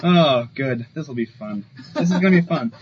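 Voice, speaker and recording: A man's voice: medium pitch, lively intonation, moderate pace. A man co-hosting a podcast, chatting casually and enthusiastically about comic books and laughing often. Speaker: podcast co-host. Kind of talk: casual comic book chat. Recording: slightly dull, faint ambient noise.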